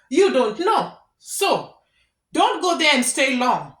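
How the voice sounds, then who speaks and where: A woman's voice: high-pitched, very animated, measured pace, a bit bright. A woman giving earnest, repetitive advice straight to her viewers in a casual vlog. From Kenya. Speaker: vlogger giving advice to immigrants. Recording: echoey room.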